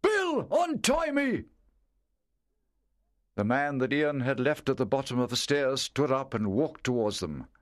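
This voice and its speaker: A man narrating a story in a measured, clear reading voice. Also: mid-range voice, no room sound, clean studio sound.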